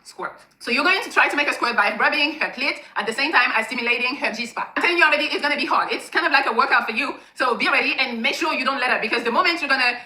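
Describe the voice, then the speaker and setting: A woman rattles off frank, profane instructions at a quick clip. Her voice sits high and cuts with a sharp, bright edge. The sound bounces around an echoey room. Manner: frank and profane, demonstrating with hands. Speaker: sex-advice presenter. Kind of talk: blunt instructional talk.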